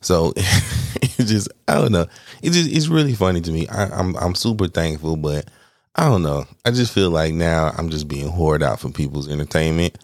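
A man hosting his own podcast in a casual, candid, rambling way, laughing between phrases, swearing freely and poking fun at himself, with a deep voice that people praise as made for radio. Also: normal speed, no echo, clean studio sound. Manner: candid, rambling, self-deprecating. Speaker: podcast host. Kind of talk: casual solo podcast chat.

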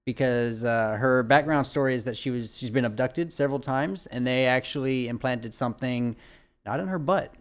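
A man's voice: medium pitch, moderate pace, clean tone. A man co-hosting a casual podcast, explaining a conspiracy theory with frequent fillers and restarts. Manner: hesitant, lots of uhs and restarts while explaining. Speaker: podcast co-host. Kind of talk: casual chat.

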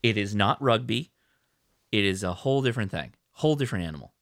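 A man's voice: fairly low pitch, expressive, quick pace, a bit bright, no echo, studio quality. An American man co-hosting a podcast, talking in a playful, rambling way and often correcting himself. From United States. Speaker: podcast co-host. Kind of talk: casual chat.

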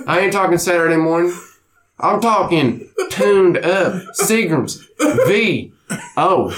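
A man voicing his rowdy, drunk middle-aged dad, hollering in a loud drawl and calling everyone boy. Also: on the high side.

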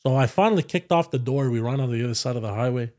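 A man, a podcast guest telling a story in a casual, animated way, swearing freely and saying "bro" a lot. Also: medium pitch, rapid-fire. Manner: animated, profane, says "bro" constantly.

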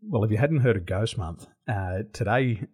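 A man's voice: on the low side, moderate pace, husky. Laughing Australian man telling stories. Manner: animated storyteller, laughs often. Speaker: guest. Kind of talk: casual interview storytelling.

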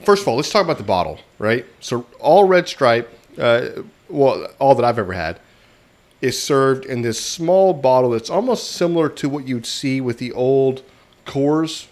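A man's voice: mid-range voice, lively intonation, normal speed, darkish tone. A man co-hosting a casual beer-review chat, telling stories and laughing often. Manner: chatty, storytelling, laughs often. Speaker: podcast co-host.

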